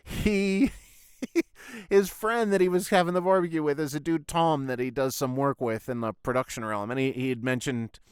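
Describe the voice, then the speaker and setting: A man's voice: fairly high pitch, normal speed, smooth, dry recording, clean studio sound. Rambling, sweary podcast host man. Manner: rambling, sweary, full of "like" and "I was like" retellings. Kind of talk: casual storytelling monologue.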